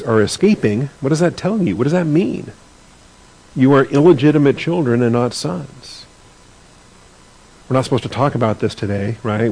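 An earnest man teaching scripture to a class in a conversational tone. His pitch is ordinary for a man, and he often repeats a word while searching for his phrasing. He reads passages and then comments on them plainly. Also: darkish tone, low-quality recording.

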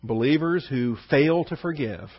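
Guy pastor preaching casual, husky voice, kinda muffled dry recording. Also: fairly high pitch, unhurried, no echo. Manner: conversational, asks questions and answers them, many fillers. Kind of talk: verse-by-verse sermon.

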